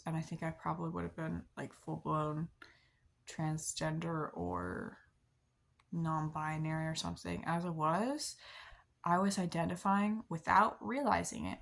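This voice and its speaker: Young woman, casual vlog chat, rambling, full of likes and ums, slightly low voice. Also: vocal fry. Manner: rambling, many likes and ums, soft self-deprecating laughs. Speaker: vlogger. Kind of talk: casual confessional chat to camera.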